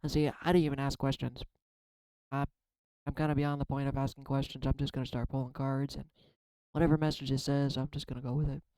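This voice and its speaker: A man's voice: medium pitch, little pitch movement, quick pace, mellow, clean tone, no room sound, rough recording. A man in a casual spiritual vlog, pulling and reading oracle cards, talking in a reflective and rambling way, emotional and swearing now and then. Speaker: tarot card reader.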